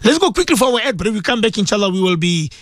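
A man hosting an Islamic radio show as a maulana, preaching with passion and repeating himself for emphasis. He has a sore throat and keeps clearing it. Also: high voice, sing-song, racing, fairly bright tone, slight background noise. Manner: impassioned, repetitive, rising to emphatic peaks.

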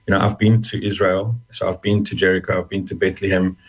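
A man speaking as an interview guest, telling a personal story in fast halting bursts with many repeated words. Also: sits low, flat delivery, husky, low-quality recording. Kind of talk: emotional personal testimony.

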